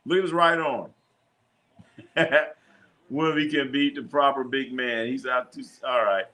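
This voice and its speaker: A man hosting a casual live sports stream, telling animated stories in a slangy way and swearing freely. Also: mid-range voice, unhurried. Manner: animated storytelling, acts out his own lines.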